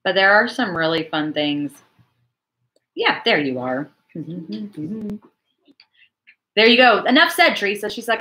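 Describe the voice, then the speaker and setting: A woman in her forties hosts a casual church livestream chat, reading viewer comments and chatting in an animated way. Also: mid-range voice, slow pace, pauses often.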